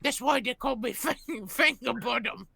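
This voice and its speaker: A player voicing a bumbling male royal cook in a rough, folksy put-on voice, in a tabletop game. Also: very high voice, measured pace, bright, forceful tone, no room sound, heavily acted. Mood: boastful. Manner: rough folksy drawl, says "me ears".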